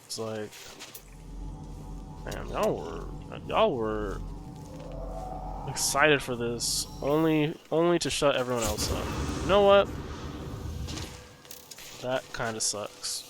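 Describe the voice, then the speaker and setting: A man's voice: medium pitch, very animated, slow pace, long pauses, music in the background. Sarcastic ranting man streaming a game. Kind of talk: live game-stream chat. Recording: background noise.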